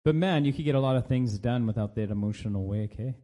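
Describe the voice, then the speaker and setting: An American man co-hosts a laid-back podcast chat with a warm, mid-range voice and a quick pace. He jokes constantly, laughs a lot, and slips into silly voices.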